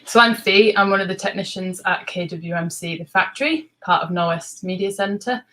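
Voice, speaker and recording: A woman hosting an online talk, giving a measured, scripted introduction. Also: lowish voice, fairly bright tone, low-quality recording. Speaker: host.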